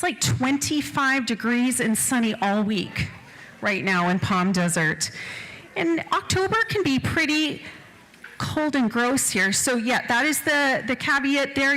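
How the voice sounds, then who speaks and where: Lady auctioneer at a fundraiser, bright voice, pitch a bit high, fast bid calling and jokes. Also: rough recording. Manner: rapid bid calling, joking with the crowd. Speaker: charity auctioneer. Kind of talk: live charity auction calling. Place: event hall.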